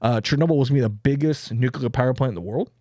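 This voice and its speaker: A man's voice: medium pitch, rapid-fire, mellow, no room sound. Joking male podcast host, dry sound. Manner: joking storyteller, many fillers. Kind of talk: casual podcast chat.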